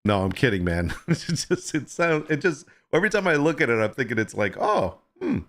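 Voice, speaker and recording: Joking, animated livestream host, male. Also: medium pitch, brisk. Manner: joking, teasing viewers; chatty, greets chat by name. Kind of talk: casual livestream chat.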